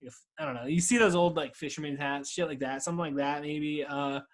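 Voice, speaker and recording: Man, 30s, stoned, solo podcast host, rambling, profane, laughing, fairly high-pitched, video call. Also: steady tone, fairly quick. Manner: loose, profane, laughing, talking to himself.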